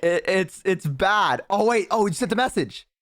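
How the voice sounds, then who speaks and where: A man streaming and telling a story casually to his chat, swearing often and bursting into loud laughter. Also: sits high, animated, moderate pace. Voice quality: profane, laughs hard and loud. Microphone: headset.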